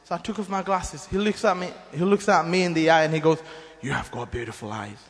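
Male, earnest testimony-teller, loose rambling delivery, a bit high-pitched, echoing church hall. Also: fairly even intonation, quick pace. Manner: earnest, rambling storytelling with many restarts. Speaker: mission team member giving testimony. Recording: long hall reverb.

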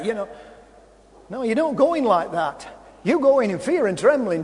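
A man preaching a sermon, storytelling and impassioned, often rising to shouts. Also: extremely high pitch, lively intonation, fairly quick. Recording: hall reverb.

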